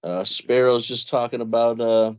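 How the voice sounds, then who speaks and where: Male podcast host, mid-pitched, halting and chatty, stops and restarts sentences. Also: steady tone, a little hiss or hum. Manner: halting, restarts phrases, laughs often. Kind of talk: casual podcast chat.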